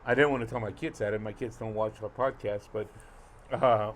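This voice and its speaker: A man's voice: lowish voice, steady tone, a little fast, a little hiss or hum. A middle-aged man, co-hosting a podcast and telling a rambling, profane story with lots of fillers. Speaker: podcast co-host. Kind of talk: casual chat.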